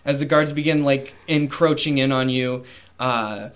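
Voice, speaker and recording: A man runs a tabletop game, narrating scenes in a casual, rambling way. His voice sits at an ordinary pitch. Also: fairly even intonation, a little slow, clean tone. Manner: casual, with fillers and voiced characters. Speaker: game master.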